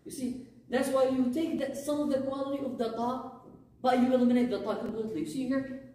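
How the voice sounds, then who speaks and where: A woman teaches a Quran recitation class, patiently explaining the rules, drilling Arabic phrases aloud and asking "huh?" to make sure her students follow. Her voice sits high, steady, brisk and mellow. She's picked up from afar in a very echoey room.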